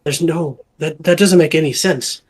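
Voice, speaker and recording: A man voicing a shaken male villager who stutters and speaks in hushed, urgent tones in a tabletop game. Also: fairly high pitch, normal speed, lightly acted. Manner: stammering, hushed.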